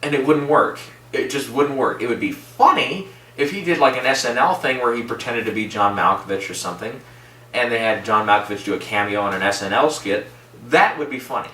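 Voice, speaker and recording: A man's voice: mid-range voice, a little fast, sharp tone. A man giving a casual, rambling spoken movie review, opinionated and chuckling at himself now and then. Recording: echoey room, mic at a distance.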